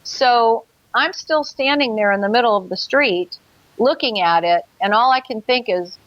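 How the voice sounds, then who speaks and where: A woman's voice: fairly high pitch, normal speed, no room sound, muffled recording. A woman guest in a talk show interview, telling a personal story earnestly and vividly, with hesitant fillers.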